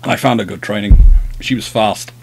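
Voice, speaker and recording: A man's voice: lowish voice, brisk, vocal fry, a little hiss or hum. A man hosting a livestream, chatting casually and telling rambling, self-deprecating anecdotes. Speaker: host of a naval history livestream.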